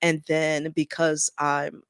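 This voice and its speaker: A woman's voice: low voice, flat delivery, slow, smooth, no room sound, studio quality. A woman guest on a podcast, telling a personal story in an earnest, heartfelt way with frequent ums. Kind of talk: casual interview chat.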